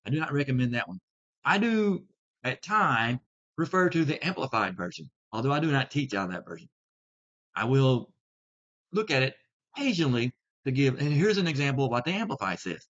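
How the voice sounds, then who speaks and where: A man in a mid-pitched voice gives a deliberate video lesson as a Bible teacher. He leans hard on key words as he explains. The recording is a little dull and lo-fi. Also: big pitch swings, a bit bright. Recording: slightly dull lo-fi sound.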